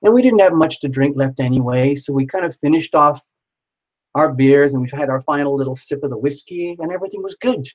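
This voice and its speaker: A man's voice: fairly high pitch, moderate pace, long pauses, darkish tone, rough recording. A man telling a story casually, rambling and repeating himself, with some swearing.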